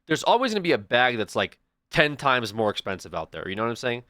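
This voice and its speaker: A man's voice: mid-range voice, big pitch swings, fairly quick, bright, forceful tone, dry recording. Young guy streamer rambling on, lots of restarts, dry close mic. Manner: rambling, restarts and storytelling asides. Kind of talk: casual chat to stream viewers.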